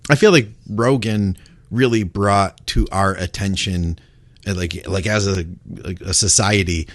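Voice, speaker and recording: Man, low voice, dry close mic, relaxed podcast co-host, filler-heavy. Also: measured pace, no room sound. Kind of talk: casual podcast chat.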